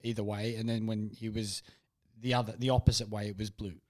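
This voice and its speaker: A man co-hosting a casual podcast chat, joking and chatty in lively banter. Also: fairly low pitch, brisk. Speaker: podcast co-host.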